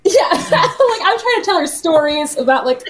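A woman's voice: very high-pitched, sing-song, normal speed, a little hiss or hum. A woman playing a tabletop game, chatting casually and giggling between her lines. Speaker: player.

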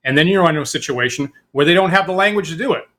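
Middle-aged man, casual talk, rambling with fillers, highish pitch. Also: lively intonation, racing, fairly bright tone. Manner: rambling storyteller, many fillers and restarts. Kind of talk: casual conversation.

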